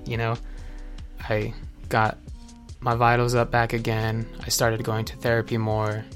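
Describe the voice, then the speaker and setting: A young man speaks candidly about his own struggles, earnest and confessional, often restarting his sentences. His pitch stays flat and level. Music plays clearly beneath him. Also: a little slow. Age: young adult. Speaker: person sharing his recovery story. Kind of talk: candid personal testimony.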